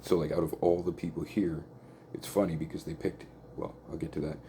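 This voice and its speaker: A man's voice: extremely low pitch, little pitch movement, a little fast, dark tone, slight background noise. A man telling a long personal story in a rambling, profane, casual way, peppered with "like" and "right?".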